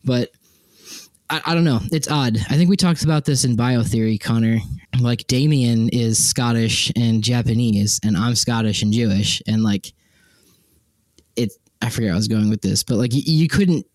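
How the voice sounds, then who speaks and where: A young man co-hosts a podcast in loose, rambling casual chat, tripping over fillers and restarting his thoughts. His voice sits at an ordinary middle pitch. The sound is dry and close to the mic. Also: normal speed, a little mellow, no room sound. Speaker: podcast co-host.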